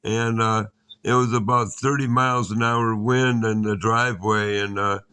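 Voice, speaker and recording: A man from northern Michigan, a guest and old friend, telling a story in halting, hesitant speech full of pauses. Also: lowish voice, level tone, sharp tone, smooth. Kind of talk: casual chat.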